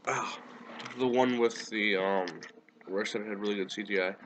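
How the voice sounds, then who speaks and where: Hesitant, tired-sounding low-voiced young man. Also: fairly even intonation, moderate pace, fairly bright tone, slight background noise. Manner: hesitant, many ums and restarts. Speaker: co-host reviewing a TV series. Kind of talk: casual chat.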